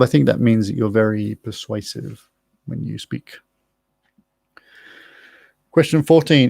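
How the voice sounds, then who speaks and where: A man's voice: medium pitch, vocal fry, a little mellow, no echo. A middle-aged Australian man hosting a pub quiz, reading out answers in a chatty way and spelling out words as he goes. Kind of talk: live-streamed trivia answers, casual chat.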